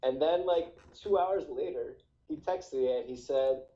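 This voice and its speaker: A young man from New Jersey in relaxed talk, peppering his stories with "dude" and casual swearing. His voice comes through dull and lo-fi, and his pitch sits mid-range for a man. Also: measured pace. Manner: laid-back, says "dude" a lot, tells stories animatedly. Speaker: trader. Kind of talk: casual chat.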